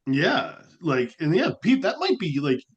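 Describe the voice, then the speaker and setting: A man's voice: fairly high pitch, measured pace, highs cut off. A man co-hosting a podcast, talking in a loose, rambling way with lots of fillers. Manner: rambling, animated, frequent "like" fillers. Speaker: podcast co-host. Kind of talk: casual podcast chat.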